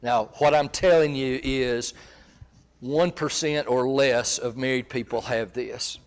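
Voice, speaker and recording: A man's voice: mid-range voice, steady tone, takes it slowly. A man presenting a marriage seminar in a church, talking conversationally and checking in with his audience. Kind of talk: teaching a seminar.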